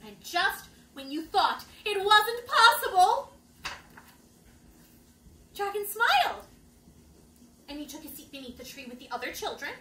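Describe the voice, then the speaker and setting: Lady reading a kids book out loud, super lively, slow and playful, echoey room. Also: very high voice, slight background noise. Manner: playful, expressive read-aloud with dramatic pauses and asides. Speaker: children's storytime reader. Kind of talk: reading a picture book aloud to children.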